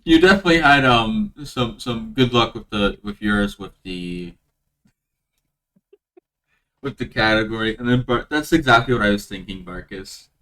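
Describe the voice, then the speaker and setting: A man hosting a casual online quiz show, chatting haltingly and laughing often. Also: fairly low pitch, fairly bright tone, low-quality recording. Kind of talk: casual gaming chat.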